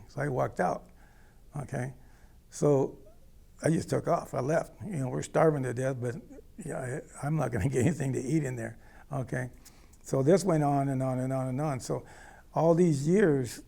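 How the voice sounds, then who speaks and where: Man, gravelly and mellow, casual storyteller, blunt and rambling, keeps asking "okay?". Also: mid-range voice, steady tone, normal speed. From United States. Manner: blunt, rambling, checks in with "okay?" and "you know". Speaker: interviewee telling a personal story.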